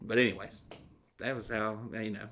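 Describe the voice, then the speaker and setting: A man's voice: on the low side, steady tone, normal speed, a bit bright. A man telling comedic anecdotes on a podcast, swearing freely and acting out the dialogue of the people in his story. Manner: profane, rambling anecdotes acting out quoted dialogue. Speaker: podcast co-host.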